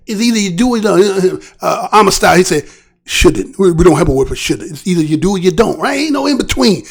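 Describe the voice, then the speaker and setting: Gravelly high-voiced man ranting. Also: animated, fast talker. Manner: heated, repetitive rhetorical questions. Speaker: commentary show host. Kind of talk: casual political commentary.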